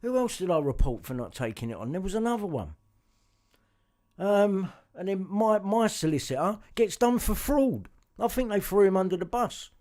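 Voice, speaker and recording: A man's voice: high-pitched, big pitch swings, normal speed, warm tone. A man talking to his viewers, agitated and profane, circling back and repeating himself. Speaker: vlogger. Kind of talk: angry monologue to camera.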